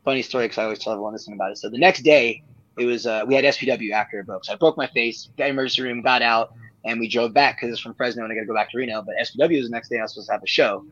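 A man's voice: medium pitch, racing, a bit bright, no echo. A man and guest wrestler telling stories in a casual, rambling way, swearing freely and laughing at his own tales. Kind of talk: casual storytelling in conversation. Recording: dull lo-fi sound.

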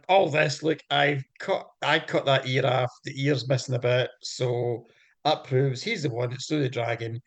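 A man, co-hosting a podcast and retelling folk tales in a playful, animated way with jokey asides. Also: mid-range voice. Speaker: podcast co-host. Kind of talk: comic storytelling chat.

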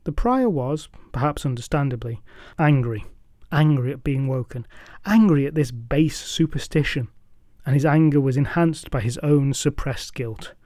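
A man narrating a folk tale with a measured, dramatic and wryly humorous delivery. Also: medium pitch, animated, darkish tone, no echo, studio quality. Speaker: storyteller. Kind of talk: scripted storytelling narration.

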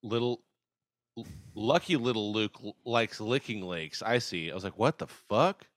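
A man's voice: on the low side, expressive, moderate pace, dry recording, clean studio sound. A man co-hosting a casual podcast, crude and exasperated, swearing at tongue twisters. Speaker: podcast co-host.

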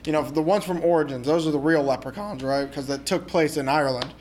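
Podcast co-host, man, raised voice, swears and jokes through relaxed movie talk. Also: on the high side, fast, slight background noise. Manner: crude, joking, swears freely. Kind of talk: casual movie chat.

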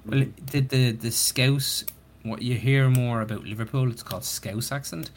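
A man with an Irish accent, a guest in a casual podcast chat, talking in a relaxed, blunt way. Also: mid-range voice, moderate pace. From Ireland.

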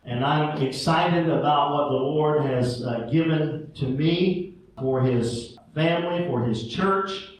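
A man's voice: a little high, takes it slowly, a little hiss or hum. A man preaching a sermon as pastor, fervent and calling for responses from the congregation. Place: church sanctuary. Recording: very echoey room, mic far off.

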